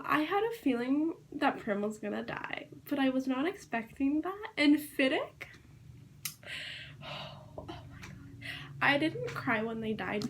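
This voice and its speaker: A woman book vlogger talking casually to the camera, rambling with lots of fillers and gushing excitedly. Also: sits high, a little hiss or hum. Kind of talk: casual chatty vlog.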